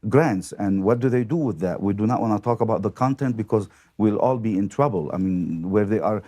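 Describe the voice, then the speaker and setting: Low, dark-voiced priest, measured. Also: male voice. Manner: measured, with many "uh" fillers. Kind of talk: casual chat.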